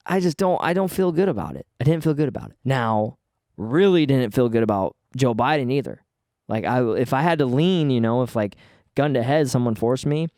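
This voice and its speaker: A man's voice: mid-range voice, warm tone, no room sound, clean studio sound. A man hosting his own podcast, ranting casually with lots of swearing and stumbling restarts. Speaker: podcast host. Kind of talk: casual solo podcast rant.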